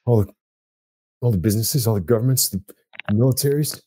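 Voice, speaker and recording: A man plays in a tabletop game, speaking in a halting, deadpan way and dropping jokey asides. His pitch is ordinary. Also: husky. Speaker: player. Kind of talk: casual tabletop role-play.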